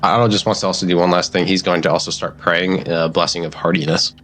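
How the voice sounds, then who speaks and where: A man's voice: sits low, steady tone, quick pace, fairly bright tone, slight background noise. A man playing a tabletop game, working out rolls and declaring actions casually. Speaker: player.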